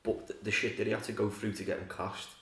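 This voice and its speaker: A man's voice: on the low side, level tone, fast, vocal fry, pushed and bright, a little hiss or hum. A man chatting casually about films, telling stories and swearing freely. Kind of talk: casual film chat. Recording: roomy, distant from mic.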